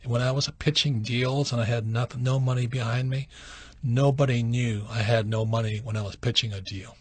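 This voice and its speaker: Answering callers on his radio show, a man shares youthful stories in a casual way and gets lively when acting out quotes. His medium-pitched voice runs a little fast with a breathy edge, and there's no room sound.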